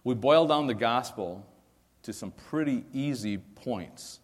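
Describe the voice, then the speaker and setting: A man's voice: medium pitch, expressive. Preaching man in a reverberant hall. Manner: earnest, rhetorical questions, slows to stress verses. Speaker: pastor. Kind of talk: sermon.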